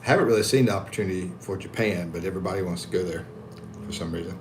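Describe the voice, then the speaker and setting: A man's voice: deep voice, very fast, slight background noise. An American man hosting a casual livestream, reading viewer comments and answering them in a laid-back way with frequent chuckles. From United States. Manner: laid-back, chuckling, reads comments aloud with animated voices. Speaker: livestream host reading chat. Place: at home in the Philippines.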